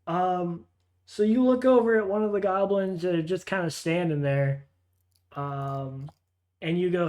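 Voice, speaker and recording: A man's voice: high voice, measured pace, a little mellow. A man narrating a tabletop game as game master, hesitant, with frequent fillers and restarts.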